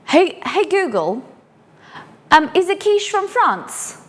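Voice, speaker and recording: A woman's voice: very high-pitched, sing-song, slow. An English woman hosting a casual live cooking stream from her home kitchen, chatty and rambling with cheeky asides. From England.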